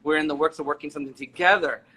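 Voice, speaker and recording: A man's voice: a little high, steady tone, racing, pushed and bright, slight background noise. A man in his forties talking as an interview guest, enthusiastic and rambling with many restarts. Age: 40s. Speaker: interview guest, makeup artist and photographer. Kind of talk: casual interview chat.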